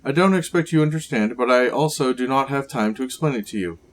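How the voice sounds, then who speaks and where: A man's voice: mid-range voice, quick pace, close to an everyday voice. A man voicing a grave sickly scientist villain. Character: gaunt, sickly male scientist villain, secretive. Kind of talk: reading game dialogue aloud.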